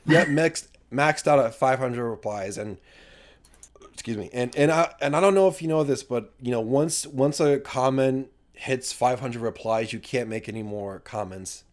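A man's voice: mid-range voice, moderate pace. A man co-hosting a casual chat show, rambling through a story with many restarts.

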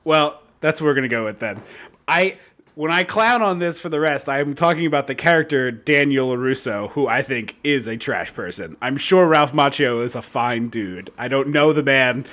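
A man's voice: medium pitch, lively intonation, moderate pace, fairly bright tone. A man co-hosting a casual movie-review podcast, riffing sarcastically and laughing often. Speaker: podcast co-host.

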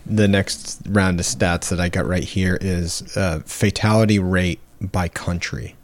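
A man co-hosting a casual chat, reading out statistics in a relaxed, hesitant way. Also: sits low, a little slow.

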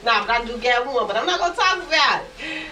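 A woman's voice: on the high side, lively intonation, fast. A woman co-hosting a radio talk show, joking and playful. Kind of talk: casual chat. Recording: echoey distant mic with loud noise.

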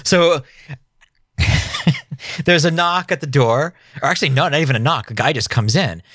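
A man's voice: a little high, normal speed, fairly bright tone, slightly rough, no room sound, clean studio sound. A man hosting a podcast, recapping an old TV episode in a jokey, rambling casual chat. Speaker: podcast host.

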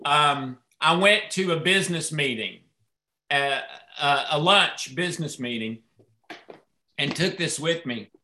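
A man hosting a sales event, telling an animated story and acting out the dialogue with jumps in his voice. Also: fairly high pitch, unhurried. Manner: excitable, acts out dialogue in raised voices. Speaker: host presenting products. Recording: echoey room.

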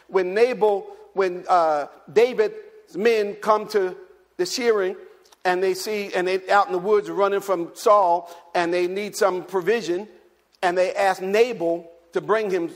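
A male pastor preaching a sermon, telling a chatty story full of restarts and rising to shouted calls for the congregation to repeat. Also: high-pitched. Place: church. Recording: long hall reverb.

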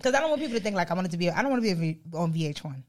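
Animated young woman podcast host. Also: rapid-fire. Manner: animated, playful, laughs often, swoops high for emphasis. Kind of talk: casual chat.

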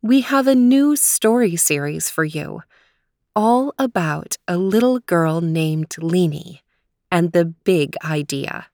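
A woman host narrating a children's story in a gentle, expressive voice. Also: fairly low pitch, slow pace, dry recording, clean studio sound.

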